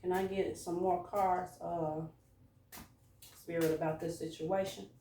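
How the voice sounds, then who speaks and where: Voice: mid-range voice, little pitch movement, unhurried, mellow, recorded from a distance. Informal tarot reader, loose and musing, recorded in a room with echo and faint background hiss. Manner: musing, informal, talks to a collective audience. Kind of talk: casual spoken tarot reading. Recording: echoey room, voice away from mic.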